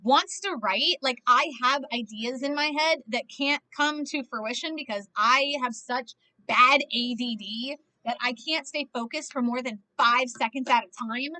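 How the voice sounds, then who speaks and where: A young woman with a high, sharp voice rambles through a casual movie reaction at a measured pace with few pauses. She fills her talk with "like" and swears freely.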